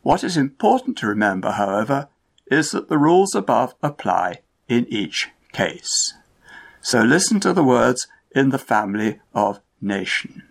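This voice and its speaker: A man giving a scripted pronunciation lesson, enunciating each example word in a slow, measured way. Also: medium pitch, big pitch swings, gravelly. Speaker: pronunciation teacher. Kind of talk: scripted instructional narration.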